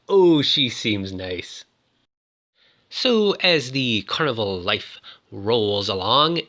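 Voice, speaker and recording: A man casually recaps a film's story with toys. He talks in a chatty way, full of fillers, and belts out the characters' lines as he goes. His voice is bright and very lively, with big swings in pitch. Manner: chatty, many "uh" fillers, shouts out quoted lines. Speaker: toy reviewer retelling a film.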